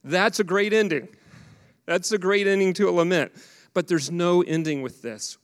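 A male pastor in his thirties preaching a conversational, animated sermon that poses questions to the congregation. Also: on the high side. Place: church sanctuary. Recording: long hall reverb.

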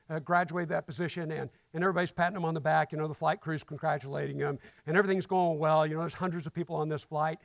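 A male guest preacher delivers a conversational sermon, telling stories and asking the congregation rhetorical questions. His voice sits high and has a gravelly edge. The sound is dry and close, and he builds to loud emphasis. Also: no echo. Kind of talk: sermon with storytelling. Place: church.

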